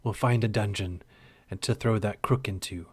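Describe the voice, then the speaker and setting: A man doing a gruff, grumbling old warrior. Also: on the low side, moderate pace, no room sound. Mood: smug.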